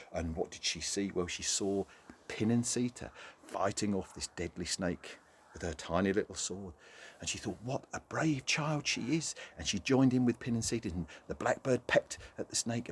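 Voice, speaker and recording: A man telling a folk tale to children, animated and talking straight to the young listeners. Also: sits low, a little hiss or hum. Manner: animated, talks directly to children. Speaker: storyteller. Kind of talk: children's story narration.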